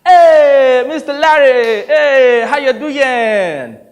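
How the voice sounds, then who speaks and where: A man doing a loud brash Nigerian agent. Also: high-pitched, sing-song, normal speed, in a large hall. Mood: exuberant. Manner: loud, exuberant, coaxing. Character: brash upbeat Nigerian male talent agent.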